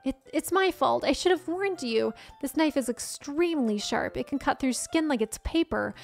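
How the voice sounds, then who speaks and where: A woman's voice: high-pitched, animated, moderate pace, vocal fry, soft background music. Woman voicing a shy, timid schoolgirl. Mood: apologetic. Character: shy, timid teenage girl, bookish and easily flustered.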